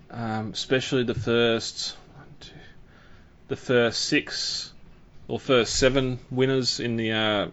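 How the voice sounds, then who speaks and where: A male podcast host chats casually and rambles, full of fillers and restarts. His mid-range voice has a fairly bright tone, though the recording sounds muffled.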